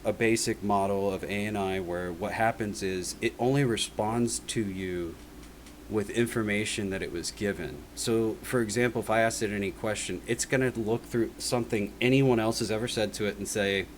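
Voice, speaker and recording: A man's voice: lowish voice, normal speed, slight background noise. A man giving a personal testimony in a casual spoken monologue, rambling and earnest, leaning on "like" and "right?" as he talks.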